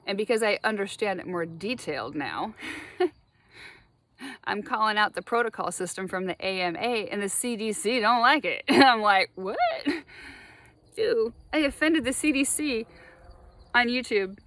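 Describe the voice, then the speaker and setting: Woman spiritual vlogger, animated rambling monologue, frequent laughs and swearing, mid-range voice. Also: medium pitch, moderate pace, dry recording.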